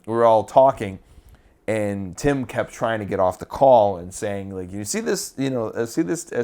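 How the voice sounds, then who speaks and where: A man with a fairly low voice, co-hosting a casual podcast. He rambles through his stories with plenty of "um"s and restarts. He swears freely and keeps a loose, offhand tone. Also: darkish tone. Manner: rambling, with frequent fillers and restarts. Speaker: podcast co-host.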